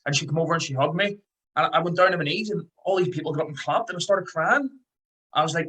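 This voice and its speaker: A man with a Scouse accent hosting a podcast, telling stories in a fast, excitable way. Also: a little high, low-quality recording. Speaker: podcast host. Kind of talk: casual interview chat.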